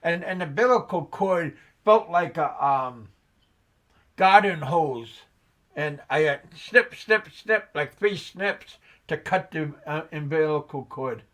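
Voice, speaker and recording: A man's voice: on the high side, animated, fairly bright tone. A middle-aged man hosting a casual chat, telling a story with many restarts, fillers and laughs. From United States. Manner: halting, many restarts and ums, laughs at own jokes. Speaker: show host.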